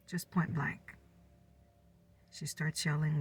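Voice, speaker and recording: A woman in her fifties telling a neighborhood gossip story in a soft, whispered ASMR style. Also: low voice, steady tone, moderate pace, long pauses, distant mic. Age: 50s. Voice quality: breathy.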